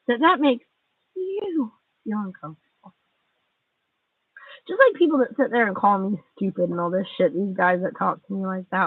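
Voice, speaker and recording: On a livestream, a woman in her forties vents in an angry, bitter monologue, sarcastic and full of swearing. Her mid-range voice is creaky and slightly rough, with no room sound, picked up by a tinny, distant phone mic.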